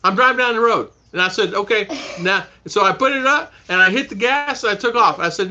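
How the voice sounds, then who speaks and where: A man's voice: high-pitched, a little fast, hardly any pauses, pushed and bright, muffled recording. A man hosting a casual live stream, chatting with viewers, reading their names aloud and laughing often. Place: home in the Philippines.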